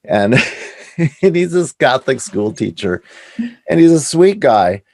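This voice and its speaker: A middle-aged Canadian man, an author being interviewed, telling animated anecdotes and acting out what other people said. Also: mid-range voice, a little slow, creaky, no echo. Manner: animated anecdotes with quoted voices. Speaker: author and guest. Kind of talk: casual storytelling interview.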